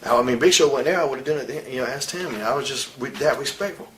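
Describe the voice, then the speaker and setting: A man's voice: mid-range voice, fast talker, fairly bright tone, a little hiss or hum, poor audio. A man in his forties in a candid interview, telling stories bluntly, with a lot of swearing and real heat. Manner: blunt, profane, heated storytelling. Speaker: interviewee, wrestler.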